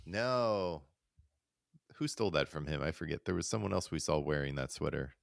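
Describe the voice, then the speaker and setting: A man with a notably low voice co-hosts a podcast. He recaps an episode step by step in an easygoing way and laughs along. The recording is close and dry. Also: normal speed, creaky, dry recording. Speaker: podcast co-host. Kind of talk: casual chat recapping an old comedy episode.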